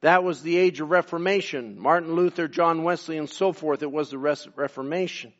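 A high-pitched man from Canada preaches a sermon, pressing his points with rising force and slipping into low, quiet asides. The recording is dull and lo-fi. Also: a little fast. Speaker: pastor.

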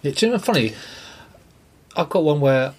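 A man's voice: medium pitch, unhurried, darkish tone. Rambling podcast co-host man. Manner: rambling, self-deprecating. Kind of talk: casual chat.

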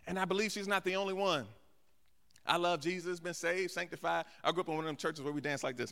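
A guest pastor preaches a live sermon in a church sanctuary with a balcony, acting out the voices in the dialogue he recounts. His high, smooth voice is fast, pushed and bright, and the recording carries church hall reverb.

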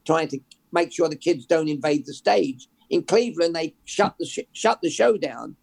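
A man, a journalist guest telling animated anecdotes in an interview. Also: on the high side, normal speed, vocal fry. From England. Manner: animated, anecdotal, repeats words as he builds. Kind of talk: interview storytelling.

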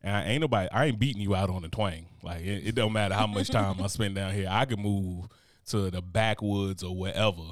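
Guy from newark hosting a podcast, talks quick, kinda low voice, dry close mic, cusses a lot. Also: no echo. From Newark, New Jersey. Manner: profane, joking, animated storytelling. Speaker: podcast host. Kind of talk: casual chat.

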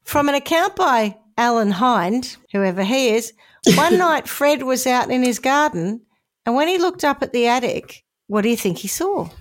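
A woman's voice: high voice, expressive, moderate pace. A woman hosting a podcast, telling a story in a casual comedic way with chatty, jokey asides.

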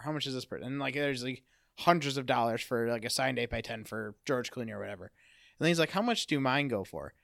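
A man in casual chat who talks things through in a relaxed, thoughtful way. His mid-pitched voice has a gravelly fry to it. The sound is dry and close. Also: no room sound.

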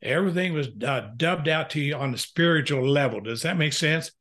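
Older man, interview guest, earnest, halting, many fillers, fairly high pitch. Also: fairly bright tone. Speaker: guest, pastor and counselor. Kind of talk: candid personal storytelling in a podcast interview.

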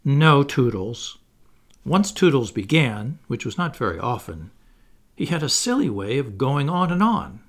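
A man narrating a classic children's novel as an audiobook, in an expressive storytelling manner. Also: medium pitch, moderate pace.

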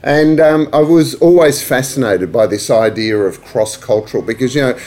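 A man's voice: mid-range voice, moderate pace, darkish tone. Australian man hosting a chatty interview. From Australia, grew up in Asia Pacific. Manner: friendly, chatty, laughs easily. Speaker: podcast host. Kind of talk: conversational interview.

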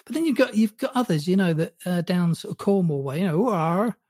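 Relaxed English man, received pronunciation. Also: high-pitched, fast, dry recording. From England. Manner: laughs often, plays with accents. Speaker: podcast host. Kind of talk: casual conversation.

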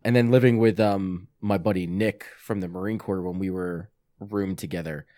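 A man in his thirties chatting casually, relaxed and profane, leaning hard on his emphasis. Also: deep voice, normal speed. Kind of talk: casual chat.

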